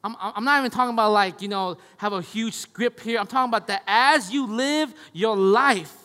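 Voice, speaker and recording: A man in his thirties, a pastor preaching a conversational sermon, often asking "right?" and moving between hushed and loud passages. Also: sits high, normal speed, big-room sound. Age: 30s. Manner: conversational, tag questions, swings from hushed to loud.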